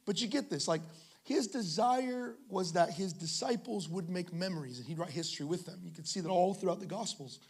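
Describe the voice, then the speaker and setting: A male pastor with a high-pitched, slightly mellow voice and a breathy edge preaches a little fast at a church service held in a school venue. He tells humorous stories and jokes with the congregation.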